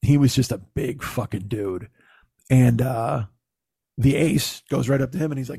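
A man casually telling a long funny story, profane and animated, acting out the other people's lines. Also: mid-range voice, fairly quick, creaky, husky, no room sound, studio quality. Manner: profane, animated, acts out quotes.

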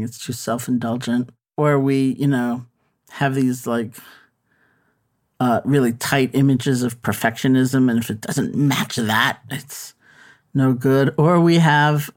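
A man who teaches meditation and wrote a book, answering interview questions in a thoughtful, unhurried way with frequent fillers and restarts. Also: medium pitch.

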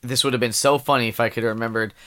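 A man's voice: medium pitch, steady tone, rapid-fire, bright, forceful tone. A man co-hosting a casual comedy podcast, swearing freely, giggling and mocking himself. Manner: crude, giggly, self-mocking. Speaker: podcast co-host.

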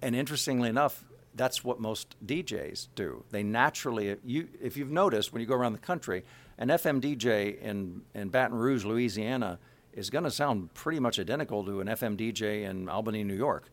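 Guy talking in an interview, low-ish voice, no regional accent, lots of uh and restarts, keeps changing pitch to make his point. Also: brisk. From Kansas City area. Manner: rambling with many restarts and fillers; animated, shifts pitch to illustrate points. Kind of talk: casual interview chat.

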